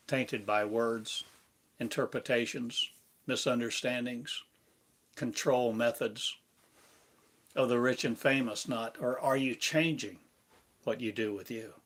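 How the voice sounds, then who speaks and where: A man giving a meditative spiritual lesson, speaking in slow, repetitive, incantatory phrases. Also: mid-range voice, a bit bright. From United States. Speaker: spiritual teacher.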